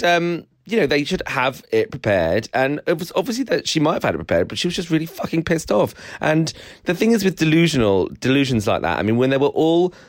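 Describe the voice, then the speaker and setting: A man co-hosting a casual show review, animated, swearing and laughing as he talks. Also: no room sound, studio quality. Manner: animated, swears and laughs, swoops high in surprise. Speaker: podcast co-host.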